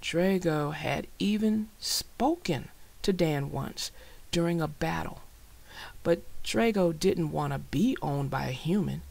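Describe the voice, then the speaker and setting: A woman narrating a children's storybook with a slow, expressive delivery. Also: deep voice, gravelly. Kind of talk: reading a children's book aloud.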